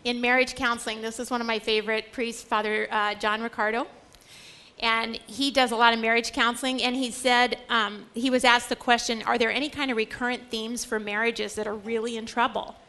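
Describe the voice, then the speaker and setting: A woman's voice: a little high, flat delivery, a little fast, sharp tone. A middle-aged woman giving an earnest, emphatic Catholic Bible lecture, acting out the quoted lines. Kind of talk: lecture on scripture.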